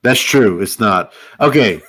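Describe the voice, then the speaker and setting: A man's voice: on the low side, animated, a little slow, fairly bright tone. A man co-hosting a casual podcast chat, easygoing and hesitant, with many fillers. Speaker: podcast co-host.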